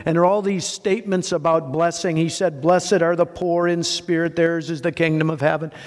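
A male pastor preaching a sermon, animated and conversational, asking rhetorical questions and building long lists of words. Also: fairly high pitch, a little fast, in a large hall.

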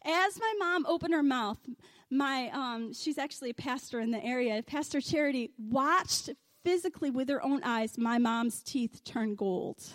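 A woman with a high, bright voice delivers an excited testimony sermon from a church stage. She tells her story with animated storytelling energy. The sound is dry and close, with little room echo. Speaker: preacher. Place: church stage under lights.

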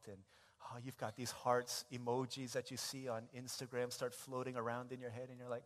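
A pastor preaching a sermon, telling stories with big swings between hushed and loud. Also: male voice, moderate pace, in a large hall. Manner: animated storytelling, big swings in pitch and loudness.

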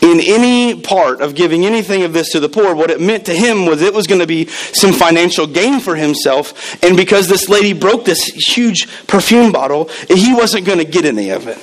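Animated male preacher in church. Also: sits high, moderate pace, few pauses, rough recording. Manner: animated storytelling with acted quotes. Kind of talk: sermon.

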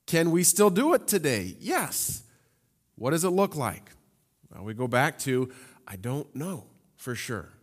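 A man preaching a sermon, reading scripture and explaining it in a lively, conversational way with humorous asides. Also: medium pitch, measured pace. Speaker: pastor. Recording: long hall reverb.

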